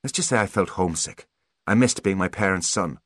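A man voicing a calm, self-assured teenage boy genius in an audiobook, dry in tone. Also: sits low, fairly quick, breathy edge, no echo. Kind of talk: audiobook character voice.

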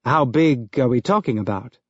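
A man's voice: mid-range voice, animated, moderate pace, no room sound, close to an everyday voice. A man voicing a jovial, tall male police inspector on a space station, speaking in blunt, sardonic cop banter. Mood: wry. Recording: dull lo-fi dry recording.

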